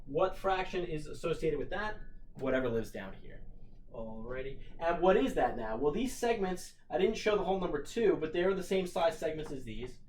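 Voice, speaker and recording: A man's voice: on the high side, lively intonation, moderate pace, darkish tone, a little hiss or hum. A middle-aged man, a teacher, talking through a math problem for his class, thinking aloud with plenty of fillers and restarts. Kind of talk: recorded math lesson walkthrough.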